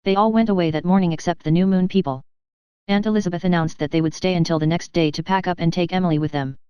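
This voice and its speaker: A woman reading a novel aloud as an audiobook narrator, measured and clear. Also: lowish voice, steady tone, no echo, highs cut off. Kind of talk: scripted narration.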